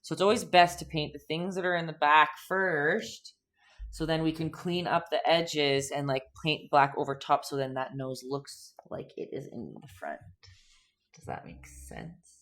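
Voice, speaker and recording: Brief: young woman, low voice, playful live-stream painting teacher, chatty with her viewers. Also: measured pace, a bit bright. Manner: chatty and playful, reads out chat, giggles often.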